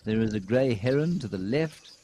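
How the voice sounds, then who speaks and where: A man hosting a live wildlife cam show, reading out viewer comments and commenting on animals with relaxed, dry humor. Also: lowish voice, moderate pace, noisy background. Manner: dry, deadpan jokes.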